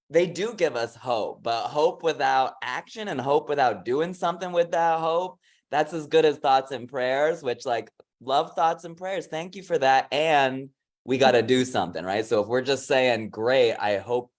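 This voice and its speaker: A man moderating a panel on a video call, talking in a casual, slangy, upbeat way. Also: mid-range voice.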